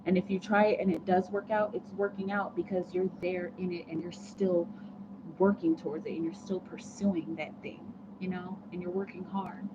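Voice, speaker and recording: A woman's voice: on the low side, level tone, moderate pace. A woman hosting a casual livestream, chatting with viewers, laughing often and rambling with restarts. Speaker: tarot reader livestream host. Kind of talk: casual livestream chat reading comments. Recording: muffled lo-fi audio with clear background noise.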